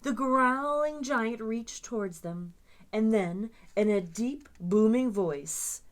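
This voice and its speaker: A woman librarian reading a picture book aloud to children with expressive, dramatic storytelling. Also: on the high side, takes it slowly.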